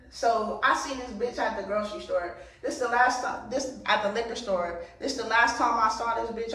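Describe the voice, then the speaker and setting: A woman's voice: medium pitch, a bit bright, distant mic. A woman vlogger telling a story in a casual get-ready-with-me chat, blunt, profane and emphatic. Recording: very echoey room, voice set back from the mic.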